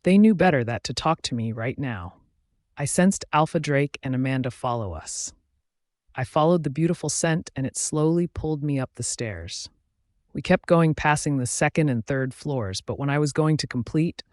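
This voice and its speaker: Male audiobook narrator, mid-pitched, steady, close and dry. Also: moderate pace, dry recording.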